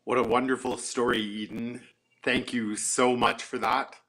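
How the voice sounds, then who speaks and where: A man telling a folktale to an audience, animated and with frequent restarts. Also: mid-range voice, a little slow. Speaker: storyteller.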